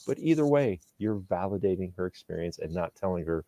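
Low-voiced animated therapist man. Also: brisk, dry recording. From Indiana. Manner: animated, emphatic, swings loud and soft. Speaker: couples therapist. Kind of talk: casual podcast chat.

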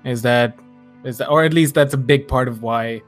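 A man's voice: mid-range voice, normal speed, soft background music. Laid-back male podcast co-host. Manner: laid-back, brief backchannel replies. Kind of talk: casual chat.

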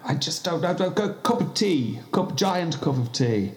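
A man's voice: on the high side, very animated, a little slow, echoey room, soft background music, voice pushed up. A man playing a bossy, flustered male cheesemonger who pushes his partner for ideas and sounds exasperated. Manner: pushy, exasperated, brainstorming aloud.

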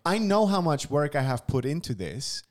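A man's voice: on the high side, very animated, moderate pace. A man co-hosting a casual podcast chat, thinking aloud in a reflective, self-deprecating way, often restarting his sentences. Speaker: podcast co-host, comedian.

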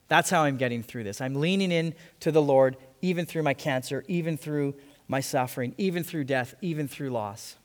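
Earnest male preacher in a reverberant hall. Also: a little high. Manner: earnest, repeats phrases for emphasis, slows on key lines. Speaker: pastor. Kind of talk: sermon.

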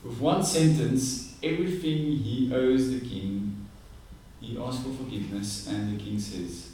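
A man's voice: medium pitch, unhurried, slight background noise. Man preaching in an echoey hall. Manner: conversational, animated storytelling. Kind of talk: sermon. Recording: echoey room, distant mic.

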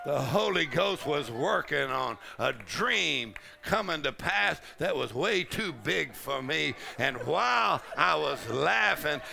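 A man preaching at a conference, shouting and laughing loudly as he preaches. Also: on the high side, creaky. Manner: shouting, laughing loudly, Southern colloquial speech. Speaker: pastor. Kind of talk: charismatic preaching sermon. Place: large conference hall.

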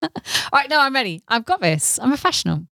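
A woman's voice: high voice, big pitch swings, fast, creaky, sharp tone, dry recording, studio quality. A woman co-hosting a podcast, chatting casually and telling a joke in a playful, teasing way with frequent laughs. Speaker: podcast co-host.

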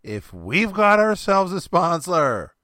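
Slow-talking, animated podcast host. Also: male voice, sits high, dry recording, studio quality. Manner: crude, mock-outraged joking. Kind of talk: casual comedic banter.

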